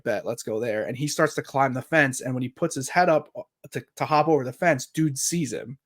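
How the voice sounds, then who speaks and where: Guy in his 30s on a podcast, telling a wild story, swears a lot, does little voices for people. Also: medium pitch. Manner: animated storyteller, swears freely, acts out quoted voices. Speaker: podcast co-host. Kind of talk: casual storytelling chat.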